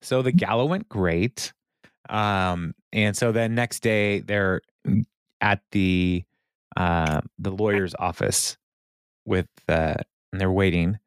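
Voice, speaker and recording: A man with a fairly low voice chats casually on a podcast, recapping an episode. He rambles loosely, with lots of fillers and quick laughs. The sound is close and dry. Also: smooth, no room sound. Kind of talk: casual chat.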